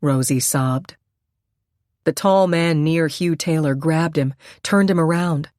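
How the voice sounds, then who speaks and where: A woman's voice: sits low, slow pace, a little mellow, dry recording, studio quality. A woman narrating a suspense audiobook in a tense, dramatic reading.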